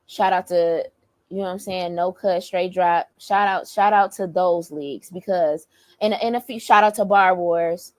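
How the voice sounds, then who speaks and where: Animated, profane woman telling a story. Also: lowish voice, moderate pace, no room sound. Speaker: battle rapper. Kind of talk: casual storytime rant.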